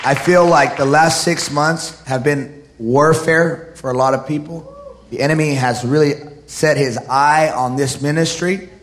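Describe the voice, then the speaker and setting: A man preaching a sermon to his congregation, building up to shouted declarations. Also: fairly high pitch, steady tone, unhurried, a faint crowd, slight background noise. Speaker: pastor.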